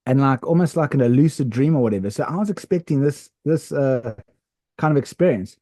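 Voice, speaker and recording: A man co-hosting a podcast, telling a story in a rambling, animated way with lots of fillers and restarts. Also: medium pitch, a little fast, dry recording. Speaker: podcast co-host. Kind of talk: casual storytelling chat.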